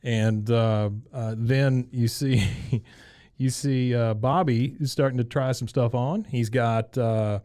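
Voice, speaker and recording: A man's voice: mid-range voice, steady tone, slow, mellow, dry recording, studio quality. A man co-hosting a podcast, recapping a cartoon episode in casual chat, laughing often and acting out characters' lines in raised voices. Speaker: podcast co-host.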